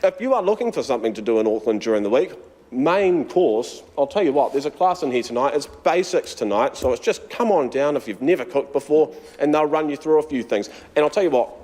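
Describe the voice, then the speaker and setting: Nz guy reporting from a kitchen, chatty and upbeat, mid pitch, big reverb. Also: expressive, a little fast, a little mellow. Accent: New Zealand. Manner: chatty, upbeat, eating while talking. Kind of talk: live cooking segment. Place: cooking school kitchen.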